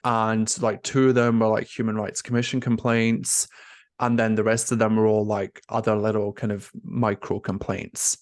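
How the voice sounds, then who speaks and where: Speaking at normal speed with a lowish voice, this young man is recorded in a clean studio with no room sound. He guests on a candid conversational interview as a nurse coach, expressive and emotional, saying "like" and "you know" constantly.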